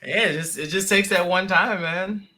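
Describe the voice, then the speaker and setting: A man hosting a podcast, telling stories in an animated, casual way with plenty of fillers. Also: high-pitched, moderate pace. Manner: animated storyteller, lots of fillers. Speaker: podcast host, jiu-jitsu instructor. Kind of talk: casual conversation.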